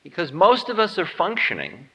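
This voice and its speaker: A man's voice: high voice, wildly swooping pitch, moderate pace, bright, forceful tone, in a large hall, poor audio. A man giving a spiritual lecture with playful, self-mocking humor, acting out voices as he tells stories. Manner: acts out quoted voices. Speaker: spiritual teacher.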